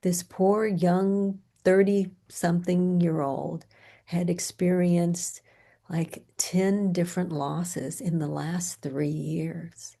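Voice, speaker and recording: A middle-aged woman grief therapist giving a training lecture, telling client stories in a soft-spoken, unhurried way that sometimes drops close to a whisper. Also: on the low side, creaky.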